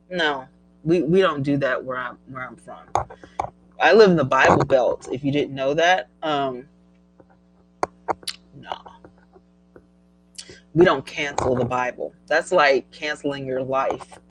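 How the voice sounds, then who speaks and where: A middle-aged woman hosting a casual live stream, chatty and animated, laughing often as she reads viewer comments. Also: extremely low pitch, slow pace, pauses often, slight background noise, poor audio. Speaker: livestream host.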